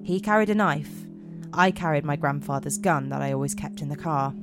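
Low-voiced woman reading a horror tale. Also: fairly quick, over music. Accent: put-on American. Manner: dramatic, giggly reading with slips. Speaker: podcast host and storyteller. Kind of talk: reading horror stories aloud.

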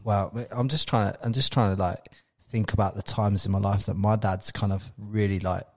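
A man's voice: fairly low pitch, fairly even intonation, normal speed, a little mellow. A man hosting a podcast interview, chatting casually and affirming his guest eagerly. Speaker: podcast host.

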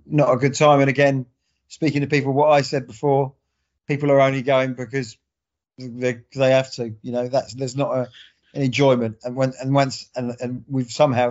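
A man chatting casually as a podcast co-host. He wanders through his thoughts, restarting sentences often. His voice has a middling pitch, and the recording sounds slightly dull. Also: a little mellow. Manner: rambling, many fillers and restarts. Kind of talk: casual sports chat.

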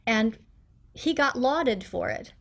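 A middle-aged woman, a guest accent coach, talks in a casual interview with an animated, explanatory manner. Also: a little high, slow pace, vocal fry. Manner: animated, explanatory, acts out quotes.

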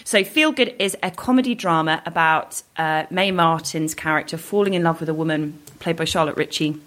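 Woman co-host with a slightly low voice, eager and gushing, casual remote chat. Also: moderate pace. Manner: enthusiastic, animated storyteller. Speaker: podcast co-host, author. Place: home, recording remotely.

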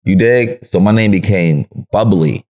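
A man with a New York accent, speaking in a very deep, low register. He tells stories as a podcast guest in loose street slang, laughing easily and slipping into other people's voices as he goes. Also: measured pace, darkish tone. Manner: slangy and laid-back, laughs often, acts out quotes. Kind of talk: casual interview storytelling.

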